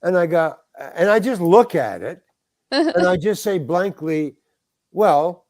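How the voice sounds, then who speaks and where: A man's voice: sits high, very animated, measured pace, darkish tone, dry recording, studio quality. An older man telling a rambling story in casual talk, restarting his sentences and acting out the voices of the people in it. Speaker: guest actor telling a story. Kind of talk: casual anecdote.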